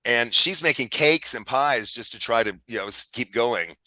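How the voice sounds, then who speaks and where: A man's voice: mid-range voice, moderate pace, bright, forceful tone, no echo, low-quality recording. A man hosting a podcast, casually retelling a film plot and acting out lines in put-on voices. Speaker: podcast host.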